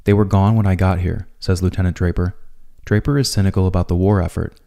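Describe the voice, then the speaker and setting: A man narrating a scripted video essay in a calm, measured way. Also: low-pitched.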